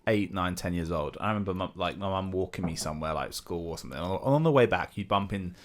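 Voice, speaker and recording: A man's voice: deep voice, fast. A British man co-hosting a podcast, telling rambling stories in casual chat and acting out the people he quotes. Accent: British English. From Britain. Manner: rambling storyteller who acts out quoted people. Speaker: podcast co-host.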